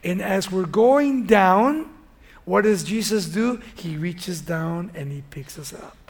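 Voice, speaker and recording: Male preacher, high and gravelly voice, lively chatty sermon delivery. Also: slow. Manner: animated, conversational retelling of a Bible story.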